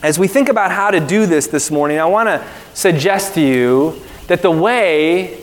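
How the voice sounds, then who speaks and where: Male pastor, high voice, slow earnest sermon, reverberant church hall. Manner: earnest, emphatic preaching with repetition.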